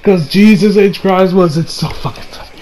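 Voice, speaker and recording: A man recapping an anime episode in casual chat, excitable and swearing freely, breaking into laughter again and again. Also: sits high, moderate pace, poor audio. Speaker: anime reviewer.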